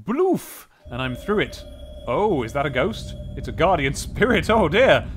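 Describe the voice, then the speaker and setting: A man chats his way through a role-playing game, muttering to himself and poking fun at his own attempts. His voice sits fairly high and swoops about in lively fashion. Faint game music plays behind him. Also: moderate pace. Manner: chatty, self-mocking, muttering to himself. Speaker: game let's-player. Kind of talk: casual game commentary and reading aloud.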